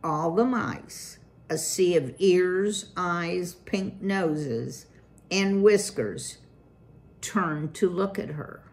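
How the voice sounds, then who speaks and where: A woman reading a children's chapter book aloud, slowly and deliberately. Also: on the low side, a little mellow. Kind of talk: read-aloud storytelling.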